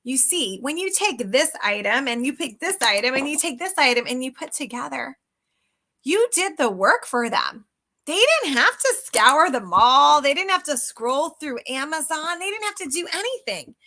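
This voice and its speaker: A middle-aged woman coaching on sales in a chatty, emphatic way, calling her viewers guys. Her voice sits high and rings bright. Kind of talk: casual live coaching talk.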